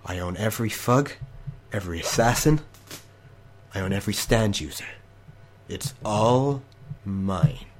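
Guy playing a quiet crime boss villain, low voice, slow and menacing, tabletop game over a call. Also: slight background noise, close to an everyday voice. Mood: quietly menacing. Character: smooth, powerful male crime boss, calm and possessive. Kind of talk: game master voicing a villain. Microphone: online call.

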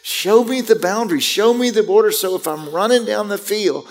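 A man's voice: sits high, moderate pace. A man preaching a sermon to his congregation, conversational and anecdotal, acting out parents and kids. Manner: conversational preaching with acted-out parent and child quotes. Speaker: pastor.

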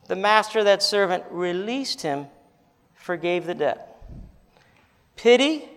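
Male pastor, high gravelly voice, animated sermon storyteller, reverberant sanctuary. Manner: animated storytelling, rising to emphatic peaks. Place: church sanctuary. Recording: reverberant hall.

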